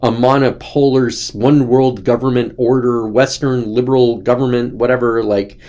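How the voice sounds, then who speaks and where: A man's voice: mid-range voice, steady tone, normal speed, a little mellow. A man hosting his own show, talking in a loose, ranting, sarcastic way and often slipping into mocking quotes. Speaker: host. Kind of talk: casual political commentary.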